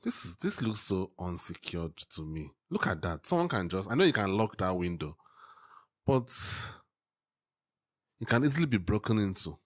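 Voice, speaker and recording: A man from Africa hosting a casual reaction video, musing and thinking aloud with pauses. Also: low voice, big pitch swings, a bit bright.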